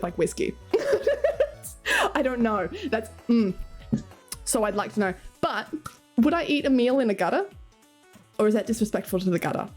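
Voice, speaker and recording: Lively Australian woman streamer. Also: on the high side. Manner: playful, rambling, laughs often, swears. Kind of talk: casual chat with viewers. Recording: faint music behind.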